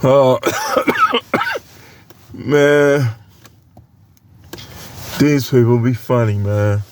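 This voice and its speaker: A man's voice: medium pitch, huge pitch swings, extremely slow, slight background noise. A man with a cold who coughs now and then, preaching a casual, joking sermon with lots of laughter and slangy banter.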